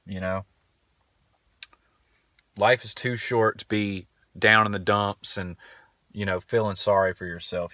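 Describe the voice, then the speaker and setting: A man's voice: on the low side, sharp tone, dry recording, clean studio sound. A young man hosting a podcast, telling stories in a laid-back, rambling way and swearing casually. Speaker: podcast host. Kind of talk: casual storytelling monologue.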